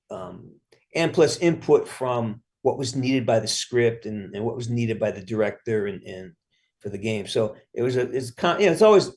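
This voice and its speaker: A man's voice: medium pitch, darkish tone. Middle-aged man swearing casually in interview. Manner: rambling, frequent restarts, casual swearing. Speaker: actor interview guest.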